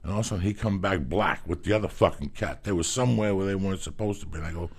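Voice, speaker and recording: A man with a very low, gravelly voice tells a long personal story in loose, casual talk. His tone is husky and rough, he swears freely and acts out the lines of the people in his story. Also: rapid-fire. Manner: profane, animated storytelling, acts out quotes.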